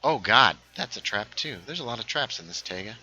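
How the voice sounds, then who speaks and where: A man hosting a casual gaming livestream, chatting while he plays, reading viewer comments aloud and sometimes dropping into hushed asides. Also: on the low side, a little fast, breathy edge, low-quality recording. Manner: lively, reads chat aloud, drops into hushed asides.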